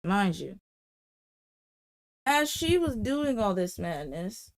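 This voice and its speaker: A woman's voice: mid-range voice, very animated, slow pace, gravelly. A woman hosting a livestream, telling a casual, rambling story and repeating phrases for emphasis. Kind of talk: casual storytime while drawing.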